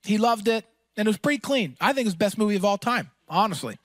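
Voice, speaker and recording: A man preaching a sermon as pastor, energetic and emphatic, with casual fillers and quick asides. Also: high-pitched, no room sound.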